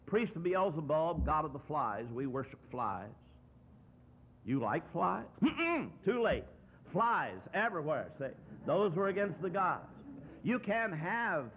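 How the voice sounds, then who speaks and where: A man's voice: on the high side, fairly bright tone. A man preaching a sermon in a storytelling way, acting out the voices in his Bible story. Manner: storytelling, acts out quoted voices. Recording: dull lo-fi tape recording.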